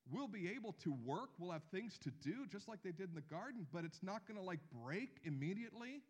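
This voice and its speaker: A man in his thirties preaching a sermon, animated, with slow emphatic phrases and drops to near a hush. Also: high voice. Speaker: pastor.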